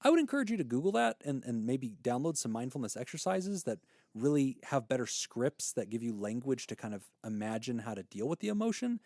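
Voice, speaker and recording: A man co-hosting a therapy podcast, explaining ideas in an animated, casual way and laughing easily. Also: medium pitch, brisk, no echo, studio quality.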